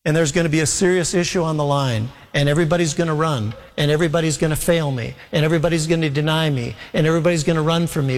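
An earnest male pastor preaches with a fairly high voice, stretching and rushing his phrases for emphasis. Each word rings out into the long reverb of a large church hall, as if heard from the pews. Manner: earnest preaching, voicing Jesus in paraphrase. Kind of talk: sermon.

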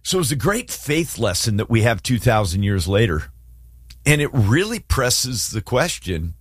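Animated man hosting a faith talk show. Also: medium pitch, a little slow, husky, no room sound, studio quality. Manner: animated, storytelling, dramatizes scripture scenes. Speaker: host.

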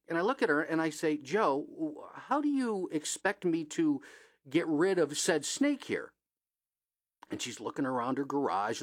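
A middle-aged man hosting a radio show, telling a story with lots of "uh" fillers, his voice jumping high when he quotes people, then reading local headlines. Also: no room sound, clean studio sound. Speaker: radio host. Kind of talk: casual storytelling and local news.

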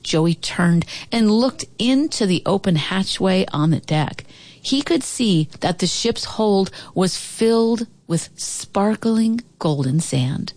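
A woman narrating a children's storybook aloud, expressive with dramatic pauses. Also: medium pitch, no echo.

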